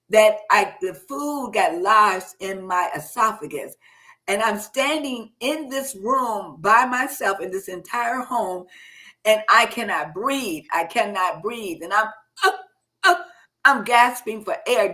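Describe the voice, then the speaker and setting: A middle-aged woman hosting a live health talk show, telling a personal health story with lively, animated delivery and acting out the doctors' words and her own shocked replies. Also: medium pitch. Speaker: host.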